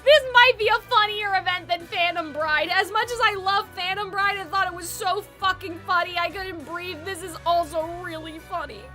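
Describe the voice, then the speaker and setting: Young woman streamer freaking out laughing at a game, very high squeaky voice. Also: normal speed, hardly any pauses, music in the background. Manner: excited, laughing, swears casually. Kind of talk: livestream game commentary.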